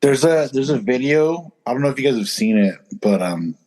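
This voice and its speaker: A man's voice: medium pitch, expressive, brisk, a little mellow. A man co-hosting a podcast, telling stories in a loose, rambling way full of fillers. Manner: rambling storyteller with many fillers. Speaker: podcast co-host. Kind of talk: casual chat.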